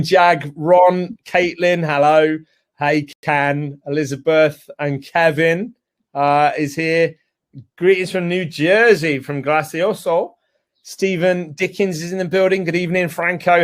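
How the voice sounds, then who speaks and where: A man's voice: fairly high pitch, fairly even intonation, normal speed. A British man co-hosting a live webinar, chatty and rambling as he greets viewers by name. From United Kingdom. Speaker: co-host and co-founder.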